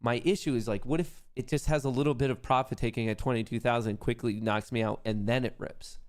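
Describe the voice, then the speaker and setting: A man hosts a live stock trading stream, chatting casually with viewers and muttering anxious, repeated questions to himself, sometimes nearly whispering. His mid-range voice is steady, fast, and darkish in tone.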